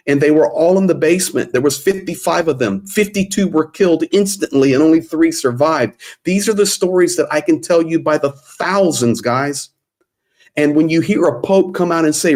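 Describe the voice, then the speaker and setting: A man's voice: on the high side, animated, normal speed, darkish tone. An American man talking on a video call, fervent and preachy, repeating himself for emphasis. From United States. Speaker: aid volunteer guest. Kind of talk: impassioned panel talk.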